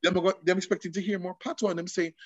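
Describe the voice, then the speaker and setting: A man's voice: high-pitched, level tone, fast, no echo, dull audio. A man with a Jamaican accent speaking as an interview guest, switching between patois and English with passionate emphasis.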